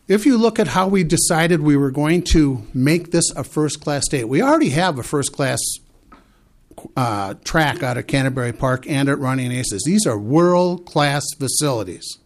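Man with a slightly raised pitch, earnestly pitching numbers to lawmakers. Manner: earnest, persuasive, cites figures with pauses and restarts. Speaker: horse farm owner testifying at a committee. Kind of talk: legislative committee testimony.

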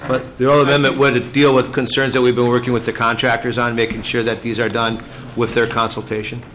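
A man from a state department explaining bill provisions to a committee in halting, explanatory testimony. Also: mid-range voice, flat delivery, a bit bright, slight background noise, poor audio. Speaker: state agency official testifying. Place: legislative hearing room.

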